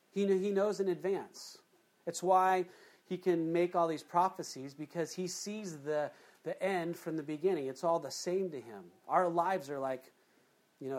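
Animated, chatty preacher mid-sermon. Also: mid-range voice. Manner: chatty, asks the congregation questions. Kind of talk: conversational sermon.

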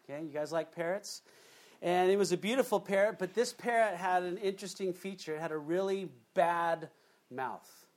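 A man's voice: sits high, normal speed. A man preaching a sermon, telling a joke story with frequent asides to the congregation. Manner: animated storytelling with asides to the audience. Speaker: pastor.

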